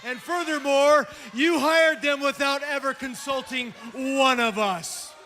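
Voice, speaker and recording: A man giving a shouted, commanding speech in a wrestling ring, scolding his group. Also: extremely high pitch, fairly even intonation, measured pace, a little hiss or hum. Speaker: wrestler cutting a promo. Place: arena ring.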